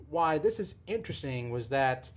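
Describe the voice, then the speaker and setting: Rambling excitable male podcast host. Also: on the high side, moderate pace. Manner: rambling, excitable, with frequent restarts. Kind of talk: casual wrestling chat.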